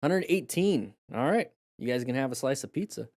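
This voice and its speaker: A man with a mid-range, somewhat dark voice talks at a moderate pace, animated and chatty, in a clean studio recording with no echo. He casually reacts to motorcycle crash clips on a live stream, rambling, restarting sentences and using lots of fillers while coaching the chat with praise and jokes.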